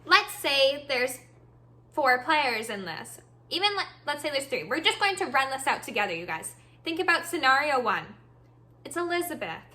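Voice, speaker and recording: A woman hosting a storytime podcast, telling her tale in an animated, exasperated way. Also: high-pitched, normal speed. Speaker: podcast host.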